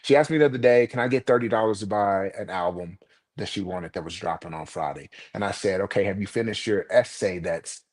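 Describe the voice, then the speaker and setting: A man's voice: sits low, brisk, darkish tone. A middle-aged man on a podcast, talking earnestly about raising his kids and making them earn things. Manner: earnest, lecturing about values. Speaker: podcast co-host. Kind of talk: casual chat.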